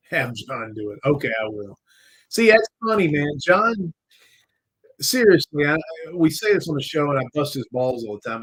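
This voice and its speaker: Poor audio carries a man's slightly high, a bit bright, slightly rough voice as he hosts a live podcast. It's a casual live-stream chat, rambling and jokey, with occasional swearing.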